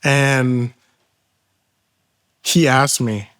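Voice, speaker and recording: A man from Thailand with a Thai accent tells a personal testimony in earnest, halting English and acts out the dialogue as he goes. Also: mid-range voice, steady tone, a bit bright. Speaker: testimony guest.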